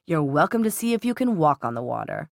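A woman's voice: sits low, sing-song, a little fast, vocal fry, no echo, studio quality, heavily acted. A woman playing a sardonic male warlock. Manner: sardonic, teasing.

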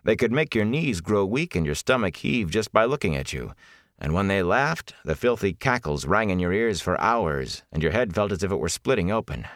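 A deep-voiced male audiobook narrator reads scripted fantasy in a measured, expressive storytelling style. The studio-quality recording has no room sound.

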